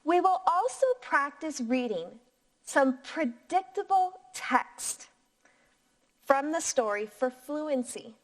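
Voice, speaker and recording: A woman teacher reading a picture book aloud to young children in a clear, encouraging voice. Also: sits high, lively intonation. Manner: slow, clear, encouraging teacher voice with sing-song inflection.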